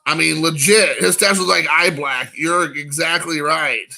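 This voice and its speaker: Man in his forties, stream host, joking, rambling, high pitch, bright gravelly edge. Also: steady tone, unhurried, faint music behind. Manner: joking, rambling, talks to chat viewers. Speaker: card-collecting show host. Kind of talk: casual live-stream chat, opening card packs.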